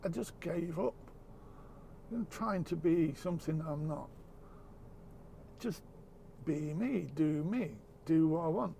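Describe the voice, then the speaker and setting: A man speaking earnestly in a reflective, casual chat, halting and repeating words as he goes, with the odd swear word. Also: fairly high pitch, vocal fry, darkish tone, a little hiss or hum.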